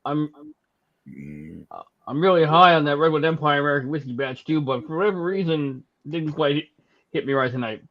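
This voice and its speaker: Higher-voiced man on a dull line. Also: a little fast, long pauses. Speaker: guest on a whiskey stream. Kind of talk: casual chat on a live stream.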